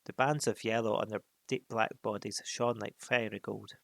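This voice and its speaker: A man reading a novel aloud in an unhurried way, pausing for casual asides. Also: lowish voice, steady tone, vocal fry, fairly bright tone, dry recording. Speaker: reader.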